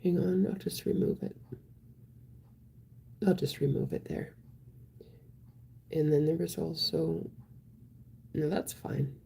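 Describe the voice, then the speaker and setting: A woman casually chatting on a live stream, reading viewer comments aloud in a soft voice that often drops to a whisper. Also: low voice, fairly even intonation, takes it slowly, creaky, long pauses, a little hiss or hum.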